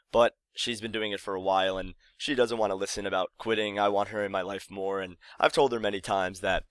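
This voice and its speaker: A young man tells a childhood story to his viewers in a loose, rambling way, often pausing to correct himself. His voice sits slightly low. The sound is dry and close to the mic. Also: a bit bright, no room sound. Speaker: vlogger. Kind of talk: casual storytelling to camera.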